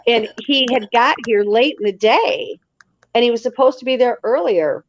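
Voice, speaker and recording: A woman telling stories as an interview guest in a casual, lively way, acting out other people's lines. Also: fairly high pitch, moderate pace, slight background noise. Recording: slightly dull lo-fi sound.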